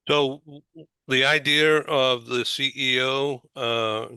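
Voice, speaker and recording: A man's voice: medium pitch, fairly even intonation, sharp tone, dry recording. A man with a Boston accent hosting a panel discussion over a video call, laughing often. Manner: slow, gravelly, laughs often. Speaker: talk show host.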